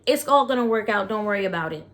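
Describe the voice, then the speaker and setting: A woman voicing a dismissive, evasive mother, a little louder and quicker than her own talk. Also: medium pitch, expressive, close to an everyday voice. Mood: breezy.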